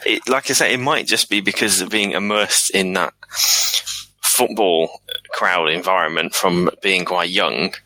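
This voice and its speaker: Deep, sharp-toned laid-back man. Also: fairly even intonation, measured pace, dry recording, low-quality recording. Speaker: podcast guest. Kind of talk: casual chat.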